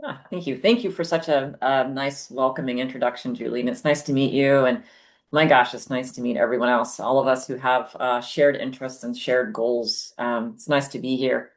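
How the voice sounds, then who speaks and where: A woman panelist with a gravelly voice, introducing herself graciously as a chief medical officer on a webinar. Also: very deep voice, steady tone, moderate pace. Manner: gracious, gently enthusiastic.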